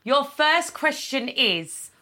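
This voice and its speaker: A woman's voice: sits high, sing-song, slow pace, bright, forceful tone. A woman playfully reading out quiz questions in a casual family game. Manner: playful quizmaster. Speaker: quiz host.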